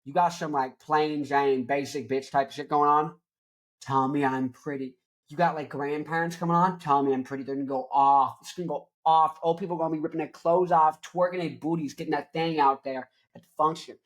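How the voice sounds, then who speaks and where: A man's voice: fairly high pitch, steady tone, brisk. Rowdy young man ranting about music. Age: young adult. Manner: loud, joking, crude, rambling. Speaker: rock show host. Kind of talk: rambling comedic music talk.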